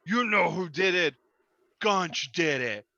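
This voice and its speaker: A man voicing a nervous, whiny male bugbear who shouts his denials in a raised voice. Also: expressive, slow, creaky, dry recording, muffled recording, exaggerated voice. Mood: defensive. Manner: high, shouty, pleading.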